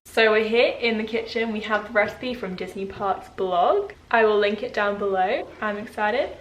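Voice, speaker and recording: A woman's voice: mid-range voice, normal speed. A young woman from the UK chatting casually and giggling through a home cooking vlog in her kitchen. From United Kingdom. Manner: chatty, giggly, self-mocking. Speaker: vlogger. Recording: echoey kitchen, mic far off, noisy.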